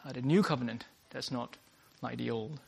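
A man's voice: medium pitch, normal speed, gravelly, husky. A man preaching a sermon to a workplace gathering, earnest, often starting lines with "uh" and restating his points.

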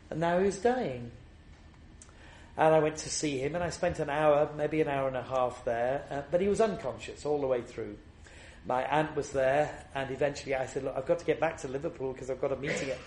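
A man's voice: mid-range voice, a little mellow, echoey room. A man preaching a sermon, telling a personal story and building to emphatic repeated refrains.

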